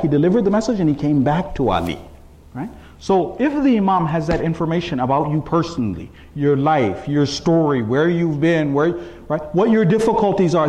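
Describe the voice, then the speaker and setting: A man's voice: a little high, warm tone, muffled recording. A man giving a sermon, telling a story and acting out the quotes with shifting voices, often checking in with "right?". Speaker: religious speaker.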